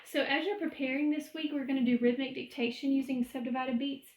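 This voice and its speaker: A woman music teacher records a lecture at home, walking through rhythm patterns step by step. Her voice sits high, and the room around her is noticeably echoey. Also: level tone, fairly quick, a little hiss or hum. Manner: explains step by step, chants rhythm syllables.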